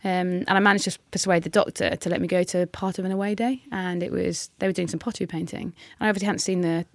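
A woman, a hockey player telling her story candidly in an interview, with frequent halting restarts. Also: lowish voice, fairly even intonation, creaky, no echo, clean studio sound.

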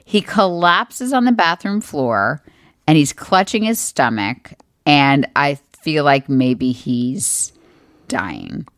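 A woman co-hosting a family podcast, chatting casually and telling stories with animated energy. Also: deep voice, takes it slowly, no room sound, studio quality. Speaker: podcast co-host. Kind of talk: casual chat.

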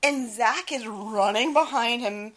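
A young woman co-hosting a casual podcast, giggling often and acting out loud quotes. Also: on the high side, takes it slowly, very noisy. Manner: giggly, animated, breaks into loud quoted yelling. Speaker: podcast co-host.

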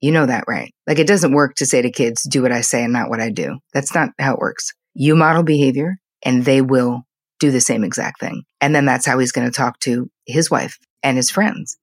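An older woman, a psychotherapist and podcast guest, telling candid stories about family in a lively, conversational way. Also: rumbling low, husky, no room sound. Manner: candid, animated storyteller, speaks in quick bursts. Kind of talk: conversational interview storytelling.

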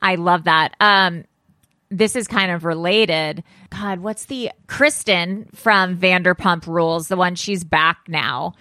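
Chatty low-voiced woman podcast host. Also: sharp tone, dry recording, clean studio sound. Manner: chatty, reacts with quick exclamations. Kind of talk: casual gossip chat.

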